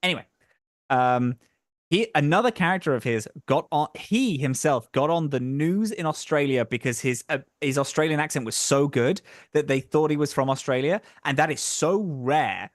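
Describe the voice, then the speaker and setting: A man's voice: on the high side, animated, moderate pace, dry recording, studio quality. A man with a neutral London accent, chatting casually as a show host, laughing often and swearing now and then. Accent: neutral London English. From England. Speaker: podcast host and game master. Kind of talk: casual chat.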